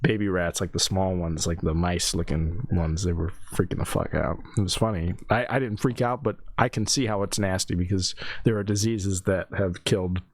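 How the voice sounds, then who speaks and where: A man co-hosting a podcast in casual chat, telling animated stories and acting out what people said. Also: deep voice, moderate pace, hardly any pauses. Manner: animated storyteller, acts out quotes with laughs. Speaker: podcast co-host.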